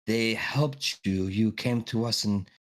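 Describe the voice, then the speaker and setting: A man voicing an older female fortune teller, mysterious and ominous, with a slow, theatrical put-on accent. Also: lowish voice. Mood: prophetic. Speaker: game master.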